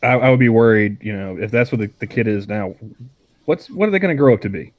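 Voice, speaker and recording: A man's voice: fairly low pitch, animated, quick pace, lo-fi sound. A young man co-hosting a podcast, rambling in casual chat and often stammering and restarting his sentences. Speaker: podcast co-host.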